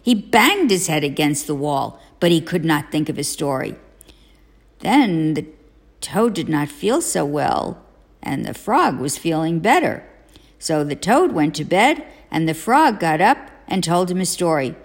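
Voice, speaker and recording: Woman, parent reading aloud, storybook, expressive, lively pitch, reverberant room. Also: a little slow.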